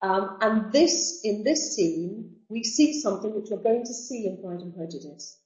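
A woman's voice: medium pitch, animated, normal speed, a little mellow. A woman teacher explaining a novel to students, with chatty asides and restarts. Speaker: literature teacher. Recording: dull roomy sound.

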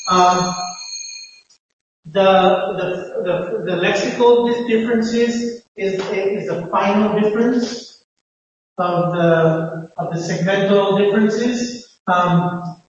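A man lectures in a halting, explanatory way, often restarting sentences. His voice sits high. The sound is dull and distant, with a long echo from a big hall. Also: steady tone, a little hiss or hum. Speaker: phonetics lecturer. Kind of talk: classroom lecture.

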